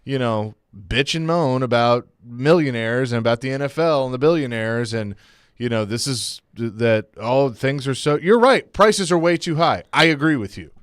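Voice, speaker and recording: A man co-hosting a casual sports talk radio show in a studio, opinionated, halting and restarting, reading listener texts aloud. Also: mid-range voice, clean tone, no room sound. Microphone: studio mic.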